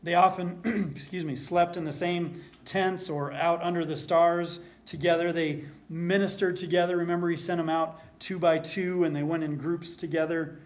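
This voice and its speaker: A man preaching a sermon as pastor, earnest, repeating key lines for emphasis and dropping to a soft hush at times. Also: on the high side, little pitch movement, normal speed, few pauses.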